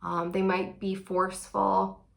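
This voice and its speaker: A woman's voice: mid-range voice, monotone, takes it slowly, creaky. A woman giving a casual tarot reading, chatty and sassy, with playful laughing asides. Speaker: tarot reader.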